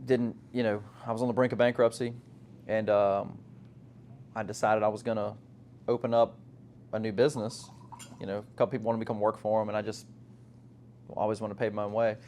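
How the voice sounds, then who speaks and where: A man's voice: on the low side, a little fast, pauses often, a little hiss or hum. A man from South Louisiana, telling stories in casual chat and acting out the quotes with lots of laughter. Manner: animated storyteller, acts out quotes in a raised voice, laughs often. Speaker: guest, company owner.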